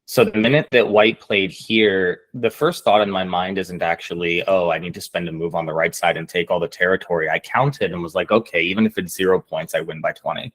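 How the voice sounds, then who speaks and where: A man who plays Go as an amateur, going through his game in a measured, analytical way after it ends. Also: sits low, steady tone, fairly bright tone. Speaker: amateur Go player. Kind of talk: post-game review.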